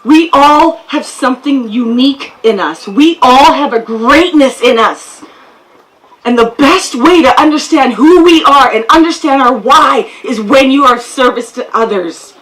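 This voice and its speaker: A woman's voice: high voice, a little slow, a bit bright, low-quality recording. A woman from Canada giving a heartfelt, storytelling speech at an outdoor field ceremony. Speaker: guest speaker.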